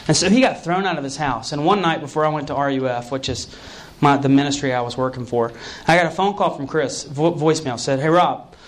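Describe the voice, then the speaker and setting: A man's voice: on the high side, brisk. A young adult man preaching a sermon, telling a personal story earnestly and acting out the dialogue. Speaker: pastor.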